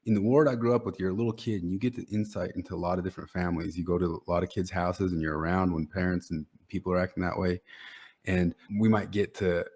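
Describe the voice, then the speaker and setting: A man's voice: sits low, fairly even intonation, fast talker, darkish tone, breathy edge. A man in casual podcast conversation, opinionated and drawing comparisons, chuckling as he talks. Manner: opinionated, drawing parallels, chuckles mid-sentence. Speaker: podcast co-host.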